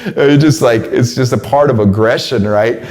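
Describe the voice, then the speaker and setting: A man in his forties giving a casual spoken monologue, slangy and stumbling over repeated words, his voice climbing when he gets excited. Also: mid-range voice, normal speed. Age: 40s. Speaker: host delivering a weekly message.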